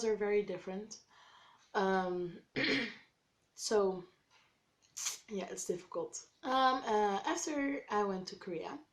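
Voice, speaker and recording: A woman vlogger casually telling a personal story to camera, acting out quoted dialogue and using lots of "like.". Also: mid-range voice. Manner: animated, acts out quoted dialogue with many "like"s.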